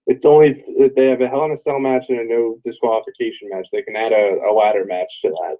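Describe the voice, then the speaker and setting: Male co-host, average pitch, blunt and profane; slightly muffled recording. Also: fairly even intonation, fast. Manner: blunt, heavy swearing. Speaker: podcast co-host. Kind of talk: casual wrestling podcast chat.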